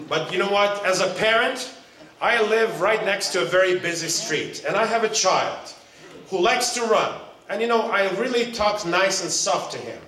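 A man preaching at a seminar, animated, breaking into loud mock calls and quizzing his audience. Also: on the high side. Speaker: seminar speaker. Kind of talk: sermon. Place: hotel hall. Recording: very echoey hall, mic far off.

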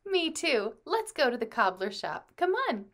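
A woman music teacher leading a children's lesson, speaking slowly and encouragingly to the kids. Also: a little high, sing-song, fairly bright tone. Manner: slow, encouraging, addresses children.

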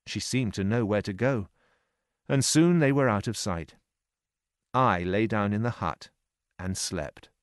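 A man narrating a story in a slow, clear reading voice. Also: fairly low pitch, no echo, clean studio sound. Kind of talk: scripted narration.

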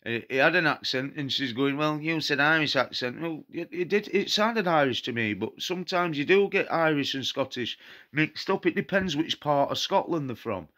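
A man's voice: fairly high pitch, expressive, normal speed, a bit bright. A man with a Nottinghamshire accent, a paranormal vlogger, ranting to camera in an indignant, repetitive and defiant way. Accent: Nottinghamshire English. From England. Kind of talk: angry direct-to-camera rant.

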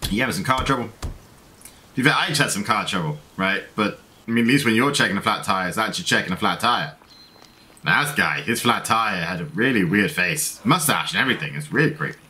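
A man's voice: fairly low pitch, animated, fast, sharp tone. Chatty jokey man playing a game. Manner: chatty, jokey, reads in-game choices aloud. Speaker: let's play host. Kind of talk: casual gameplay commentary.

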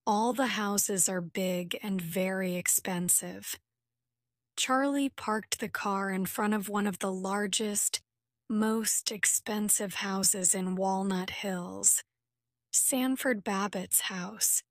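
Slow, dry-voiced woman reading a story. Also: mid-range voice, dry recording. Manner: slow, carefully clear reading for learners. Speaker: narrator. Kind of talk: graded reader story narration.

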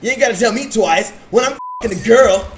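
A man streaming with friends in a casual joking group chat, often shouting an exaggerated bro voice. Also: very high-pitched, slight background noise, poor audio. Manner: loud exaggerated bro voice, yelling "whoa dude".

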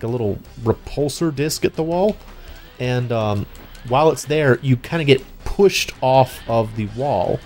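A young man giving casual, chatty commentary while playing a video game, often restarting words and filling pauses. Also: medium pitch. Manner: chatty, excitable, many restarts and fillers. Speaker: let's play host.

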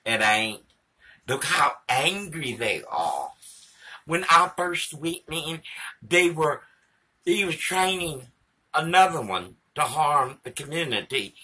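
A man's voice: fairly high pitch, expressive, takes it slowly, sharp tone, slightly rough. A man vlogging to a phone camera in a rambling, profane monologue that drifts between topics.

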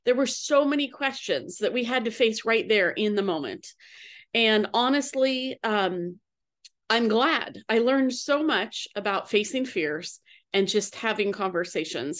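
A woman's voice: on the high side, a bit bright. Earnest woman coach telling a story. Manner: earnest storytelling with pauses and fillers. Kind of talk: personal story talk.

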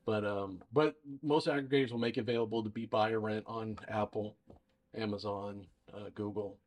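A young adult man, an independent filmmaker co-hosting a casual podcast with his father, talking in a relaxed, rambling way with frequent restarts. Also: lowish voice, normal speed. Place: indoor dining room.

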